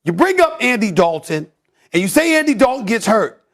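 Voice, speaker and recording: A man hosting a heated sports debate, loud and theatrical, stammering and repeating words when worked up. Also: high-pitched, very animated, brisk.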